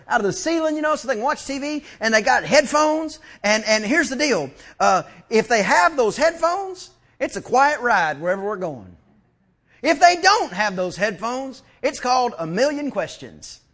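High-voiced preacher. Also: male voice. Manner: lively preaching with stammered restarts and family anecdotes. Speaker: pastor. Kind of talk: sermon. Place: church sanctuary.

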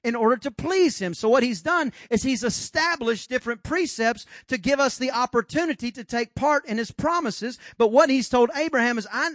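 High-voiced preacher man, dramatic delivery. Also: a bit bright, no room sound, studio quality. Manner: preaching with dramatic rises and drops, acting out God's voice. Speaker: pastor. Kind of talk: sermon. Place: church.

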